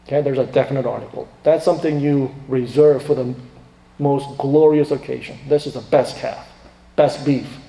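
A man preaching a sermon dramatically, swinging from loud emphatic questions to quiet asides. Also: mid-range voice, steady tone, moderate pace, gravelly. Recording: echoey reverberant hall.

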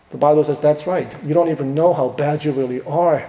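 A middle-aged man, a pastor, preaching a sermon with emphatic swings between hushed and rising delivery. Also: a little high, fairly even intonation, fast talker, few pauses. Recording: echoey hall with long reverb.

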